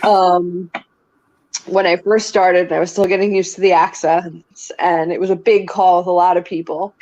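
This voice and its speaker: A woman's voice: fairly low pitch, little pitch movement, moderate pace, a little mellow. A woman chatting casually on a stream, telling rambling anecdotes with frequent laughter and fillers. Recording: slightly dull lo-fi sound.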